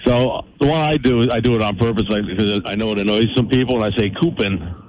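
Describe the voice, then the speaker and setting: A man calling in to a radio show, telling quick, amused stories. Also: fairly low pitch, darkish tone. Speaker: radio caller. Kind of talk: casual call-in chat. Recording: muffled phone line with faint noise.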